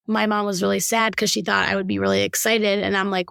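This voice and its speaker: A woman's voice: medium pitch, level tone, fast, creaky, fairly bright tone, smooth, no room sound. A slightly sick woman co-hosting a podcast, chatty and fond of telling stories. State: a little sick. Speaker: podcast co-host. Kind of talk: casual astrology podcast chat.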